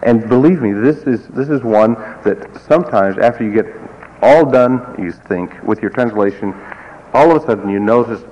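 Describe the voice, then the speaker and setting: With a mid-range, slightly mellow voice at normal speed, a music teacher explains things to his class through digressions and wry asides. The recording is muffled and lo-fi, with faint hiss.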